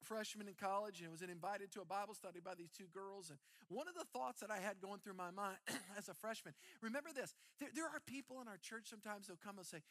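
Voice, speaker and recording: A middle-aged man preaching a sermon as pastor, animated and repeating words as he builds. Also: high voice, fast, no room sound, studio quality.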